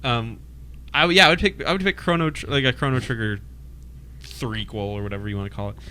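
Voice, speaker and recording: A man chatting on a podcast as co-host. He jokes and often restarts his sentences. His voice sits in a middle pitch. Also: sharp tone, clean tone. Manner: joking, halting restarts. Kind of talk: casual chat.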